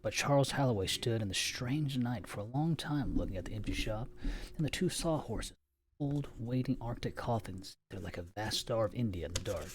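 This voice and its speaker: A man's voice: lowish voice, slight background noise. A man reading a novel aloud on a live stream, stumbling over words now and then and stopping for offhand asides.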